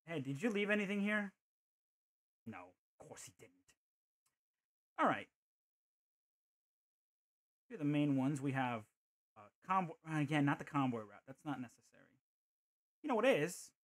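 Lively, playful male game streamer. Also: fairly high pitch. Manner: playful, thinks aloud, jokey asides. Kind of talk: casual gameplay commentary.

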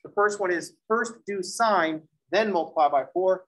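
A man's voice: high voice, normal speed, few pauses, a bit bright, rough recording. A man teaching a math lesson in a classroom, moving from step-by-step explanation into chatty, joking stories and acted-out dialogues. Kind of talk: classroom lecture with joking asides.

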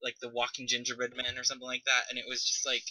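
A woman co-hosting a podcast in casual chat, adding animated asides. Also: a bass voice, racing, dry recording, rough recording. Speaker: podcast co-host.

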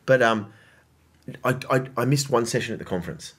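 A man hosting a podcast in casual chat, telling stories in an animated way with quick restarts. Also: medium pitch. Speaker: podcast host.

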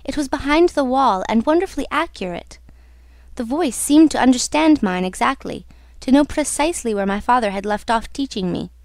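Woman voicing a young woman singer, earnest confession, fairly high voice, dry recording. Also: lively intonation, moderate pace, darkish tone, no room sound. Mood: confiding. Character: young woman singer confiding in her love.

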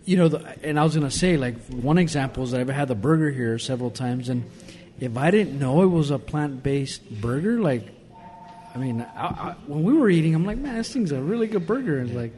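A man's voice: medium pitch, animated, fairly quick, dark tone, slight background noise. A man hosting a podcast, chatting casually and rambling with many restarts. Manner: rambling, lots of restarts and "I mean". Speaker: podcast host. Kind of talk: casual chat.

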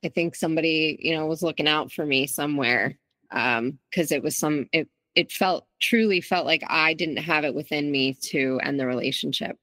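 A woman's voice: low-pitched, normal speed, pushed and bright, no echo. A woman guest in an interview, telling her own story in a candid, reflective way with frequent restarts. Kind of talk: interview, personal account.

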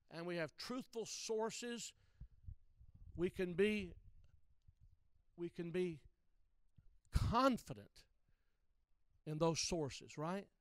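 A man's voice: sits high, fairly bright tone, smooth, dry recording. A man preaching a teaching sermon to church workers, emphatic and direct, repeating key phrases to drive them home.

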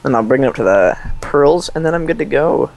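Young man, let's play host, casual banter, rambling jokes, average pitch. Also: lively intonation, fairly quick, vocal fry. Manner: rambling, joking storyteller.

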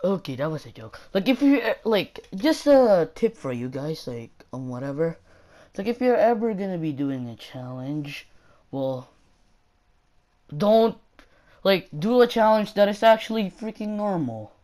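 A woman's voice: lowish voice, sing-song, measured pace, dark tone. A woman ranting in a casual vlog, rambling and exasperated, packed with fillers and repetition. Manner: exasperated, mocking. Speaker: YouTuber.

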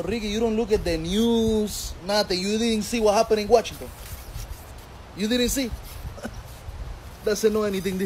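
A man's voice: high-pitched, slight background noise, poor audio. A man, a comedian teasing a friend in broken English in a skit.

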